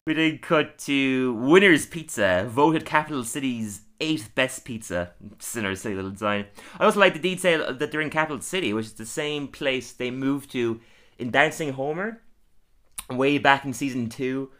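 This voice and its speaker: A man's voice: mid-range voice, lively intonation, normal speed, a bit bright. A young man co-hosting a casual review podcast, chatty, often laughing and acting out quoted lines. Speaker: podcast co-host.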